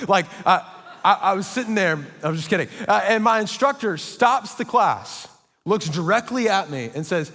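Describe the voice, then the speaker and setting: A man's voice: on the high side, a bit bright. A young man preaching a sermon, telling stories with playful, self-mocking asides. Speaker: pastor. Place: church hall. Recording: long church hall reverb.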